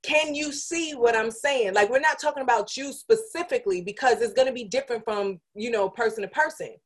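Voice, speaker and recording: A woman's voice: on the high side, brisk. A woman who works in radio, a guest on a podcast, talking things through in a reflective, casual way with lots of "you know". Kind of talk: casual chat.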